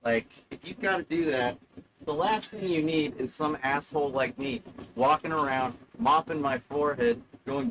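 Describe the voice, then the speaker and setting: A man talks on a live stream in a loose, rambling way, dry and self-mocking, with curses dropped in casually. His voice sits a little higher than most men's. A faint hiss of noise runs under the talk. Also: big pitch swings, moderate pace, creaky. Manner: sardonic, self-mocking, swears freely.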